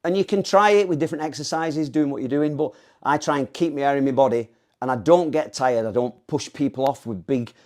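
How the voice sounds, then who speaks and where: A man's voice: mid-range voice, brisk, hardly any pauses, a little mellow. A man coaching on breathing and stance for mixed martial arts in a rambling, self-correcting instructional talk. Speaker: MMA coach.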